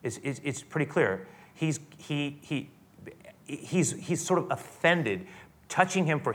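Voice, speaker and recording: A man preaching a sermon, retelling a scripture scene with many restarts, dropping to hushed tones and rising to emphatic peaks. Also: a little high, expressive, measured pace, slight background noise. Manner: storytelling with frequent restarts, swinging from hushed to emphatic.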